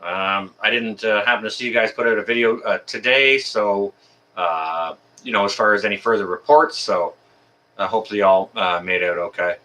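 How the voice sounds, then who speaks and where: A man's voice: on the low side, moderate pace, sharp tone. A man from Canada hosting a casual livestream, greeting viewers one by one in a friendly, chatty way with many ums and uhs. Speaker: livestream host.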